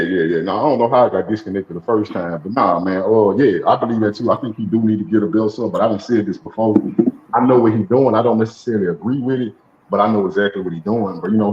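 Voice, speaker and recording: A man's voice: fairly low pitch, quick pace, a little hiss or hum. A man calling in to a boxing talk show, emphatic and argumentative in a casual chat. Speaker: caller. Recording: dull online call audio.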